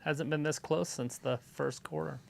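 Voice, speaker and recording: A man's voice: fairly high pitch, fairly even intonation, normal speed, vocal fry. A man co-hosting a casual watch-along stream, tossing in dry offhand asides about a basketball game. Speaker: livestream co-host.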